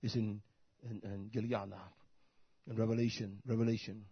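Husky-voiced man preaching emphatically. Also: fairly low pitch, little pitch movement, normal speed, no echo, muffled recording. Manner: emphatic, repeating phrases, swings from quiet to shouting. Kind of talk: sermon.

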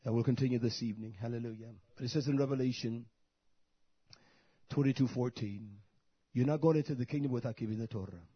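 A man preaching a sermon in an emphatic style, repeating his phrases and moving between quiet talk and loud outbursts. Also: medium pitch, quick pace, breathy edge, dry recording, dull audio.

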